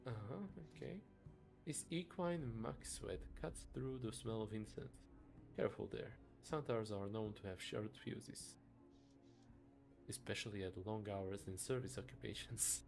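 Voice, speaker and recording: A man's voice: lowish voice, measured pace, vocal fry, music in the background. A man streaming a game, reading its text aloud with chuckling asides and frequent stumbles.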